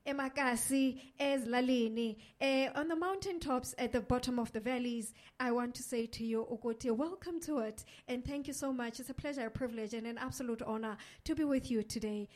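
Female radio host, higher voice, energetic studio presenter. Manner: energetic, upbeat, lists off places with flair.

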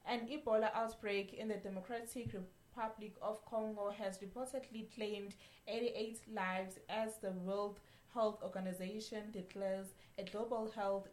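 A woman news anchor reading a radio news bulletin in a measured way, with a few slips and restarts. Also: medium pitch, darkish tone, reverberant. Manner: measured newsreader delivery with occasional slips and restarts.

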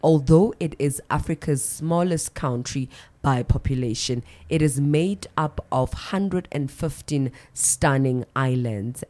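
A woman's voice: a bass voice, mellow. A woman hosting a morning radio show, chatty, with fillers and self-corrections. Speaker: radio host. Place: radio studio.

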